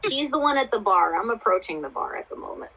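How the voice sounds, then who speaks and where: A woman playing a tabletop game, lively and somewhat loud. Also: mid-range voice, fast, over a noisy crowd, poor audio. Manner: lively, says she's unintentionally loud. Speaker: player.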